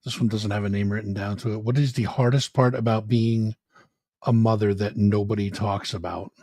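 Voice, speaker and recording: Low-voiced man hosting, dry sound. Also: fairly even intonation, moderate pace, dark tone, no room sound. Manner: reads questions aloud, easygoing asides. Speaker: show host reading audience questions. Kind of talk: casual interview hosting.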